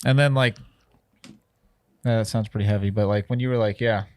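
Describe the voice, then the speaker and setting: A man hosting a podcast, laid-back in casual chat, reacting with quick interjections. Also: fairly low pitch, fairly even intonation, a little mellow, no echo, studio quality. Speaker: podcast host.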